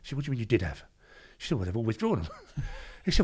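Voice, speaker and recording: An older man with a London accent, a guest telling stories briskly and acting out the dialogue. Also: medium pitch, big pitch swings, husky. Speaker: guest, former doorman. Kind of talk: anecdotal storytelling.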